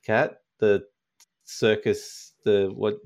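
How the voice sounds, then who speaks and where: A woman's voice: extremely low pitch, steady tone, extremely slow, darkish tone. A woman hosting a podcast, teasing her co-hosts in a casual chat and steering the conversation along. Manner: teasing, drives the show. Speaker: podcast host.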